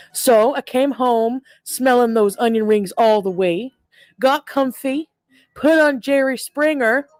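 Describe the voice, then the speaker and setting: A woman voicing an entitled, indignant fast-food customer in a cartoon parody, talking in a prim, complaining, overly formal way. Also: on the high side, a little mellow, dry recording, rough recording.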